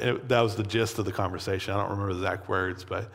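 A man preaching a sermon in a relaxed, conversational way, with plenty of casual fillers. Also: on the low side, fast talker. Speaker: pastor. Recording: long hall reverb.

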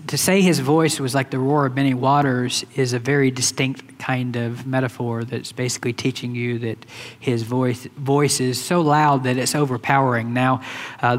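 A man preaching a sermon in a loose, conversational way, with many fillers and restarts. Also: mid-range voice. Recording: hall reverb.

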